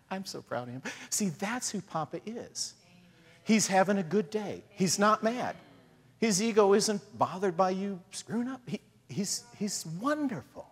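A man preaches in a relaxed, conversational style and often slips into quick acted voices. His voice sits a little high and swings widely in pitch, with a husky edge. A long reverb trails behind his words. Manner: conversational, animated, acts out voices of God and Jesus. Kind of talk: sermon.

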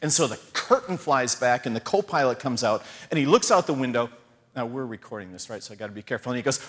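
A man's voice: a little high, big pitch swings, moderate pace, fairly bright tone. A man telling a rambling, self-mocking story as a sermon, acting out the quotes in his story. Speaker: preacher. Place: church hall with audience. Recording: long hall reverb.

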